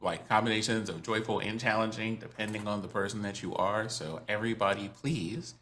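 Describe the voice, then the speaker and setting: A man player making a gentle, rambling announcement on a stream, full of "like" and "um". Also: on the low side, steady tone, a little fast, a little hiss or hum. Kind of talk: casual stream chat.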